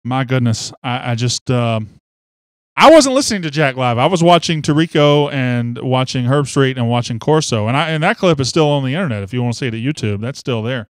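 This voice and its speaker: A man hosting a sports podcast in casual chat, excitable and teasing, swinging from loud bursts to quiet asides. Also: medium pitch, fairly quick, no room sound. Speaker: podcast host.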